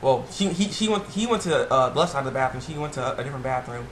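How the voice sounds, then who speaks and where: A man's voice: medium pitch, racing. Rambling man recapping a show in an echoey room. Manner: rambling and excitable, full of fillers and restarts. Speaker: TV episode reviewer. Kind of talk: casual episode recap. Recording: echoey room with faint background noise.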